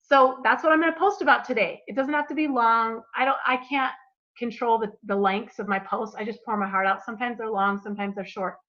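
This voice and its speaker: A woman's voice: fairly high pitch, fairly even intonation, fairly quick, a bit bright, lo-fi sound. A woman coach leading a live group coaching call, talking in an upbeat, chatty, eager way.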